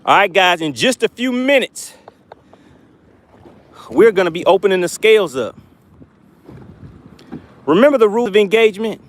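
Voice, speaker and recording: A man's voice: high voice, expressive, moderate pace, pauses often. A man hosting a fishing livestream from a boat, teasing and laughing with his chat viewers.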